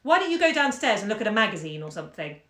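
A woman's voice: mid-range voice, very animated, very fast, a bit bright. A woman voicing an impatient middle-aged husband who scolds with a raised voice, in an echoey room. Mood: brusque.

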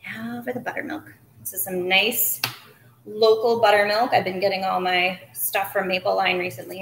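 A woman's voice: mid-range voice, vocal fry, bright, forceful tone, slight background noise. Brief: woman, cooking-show host, casual and chatty, mutters asides while working, roomy kitchen with dishes clinking faintly. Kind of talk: live cooking demonstration. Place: home kitchen.

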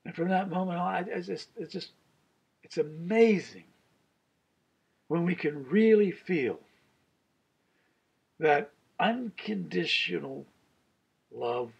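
A man's voice: sits high, expressive, slow, gravelly, pauses often, breathy edge. A man in his sixties, a pastor, giving an earnest Bible study sermon with a personal story, chuckling as he tells it.

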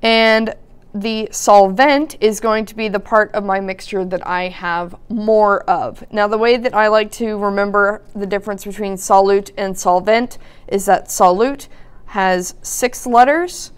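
A woman teaching a recorded high school chemistry lesson, explaining patiently with occasional fillers. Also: a little slow, clean tone. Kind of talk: recorded lecture narration.

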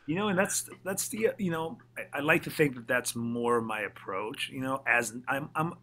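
Guy mixer telling studio stories, animated, swears a lot, bright voice. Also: mid-range voice, normal speed. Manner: animated, swears freely, acts out quotes. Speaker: guest, mix engineer. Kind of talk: casual storytelling interview.

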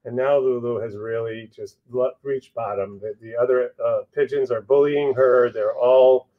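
A man's voice: medium pitch, fairly even intonation, moderate pace, narrow, tinny audio. A man co-authoring and reading aloud his children's picture book, narrating in a storytelling way with some restarts.

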